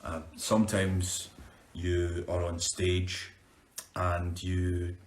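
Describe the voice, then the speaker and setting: This young actor from Scotland chats upbeat on a live stream, fielding viewer questions and restarting words as he goes. His low voice is completely flat and very slow, and the recording carries slight background noise and a roomy echo.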